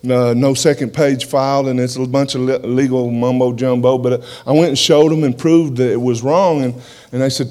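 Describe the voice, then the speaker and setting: A man gives his testimony to a congregation in a plain, folksy way. His voice is dark and mellow, and he sits at a middle pitch for a man. He often restarts and repeats words as he goes. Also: level tone, normal speed. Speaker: preacher giving his testimony.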